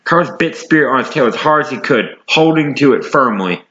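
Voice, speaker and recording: Bright-voiced man reading a story. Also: mid-range voice, lively intonation, a little fast, roomy sound. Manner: plain reading with self-corrections. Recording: dull lo-fi recording.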